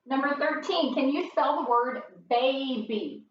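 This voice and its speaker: A woman teaching a phonics lesson, sounding out words slowly and patiently for young learners. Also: high voice, echoey room, far from the mic, highs cut off, a little hiss or hum.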